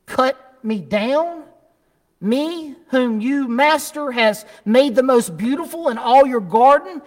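A noble, devoted bamboo, as a preacher puts him on, pleads in a slow, trembling voice that sits high. The words hang in a long, ringing church reverb. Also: male voice, steady tone, a little mellow. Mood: pleading.

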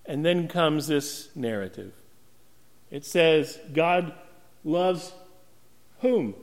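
Male pastor, emphatic sermon, slow deliberate pace, reverberant church. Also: on the high side, expressive. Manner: emphatic preaching with dramatic pauses and rhetorical questions.

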